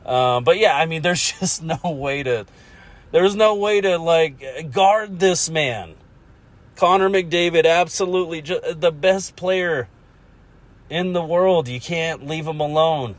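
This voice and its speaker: A man talks loosely through a solo podcast, rambling and chuckling at his own ideas. His voice sits a little high for a man, and his tone is self-mocking. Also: slow. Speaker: podcast host. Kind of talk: casual solo podcast monologue.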